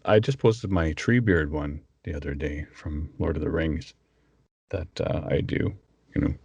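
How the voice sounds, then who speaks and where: Low-voiced guy chatting about voice work, bouncy delivery, dry close sound. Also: measured pace, creaky, slightly rough, dry recording, highs cut off. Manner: animated, breaks into voice impressions and laughs. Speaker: voice actor guest. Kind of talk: casual interview chat.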